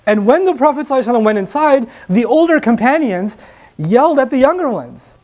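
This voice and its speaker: A man's voice: very high-pitched, big pitch swings, a little fast, darkish tone. A middle-aged man preaching a sermon, earnest and building to emphatic repetition. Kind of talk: sermon to a live audience.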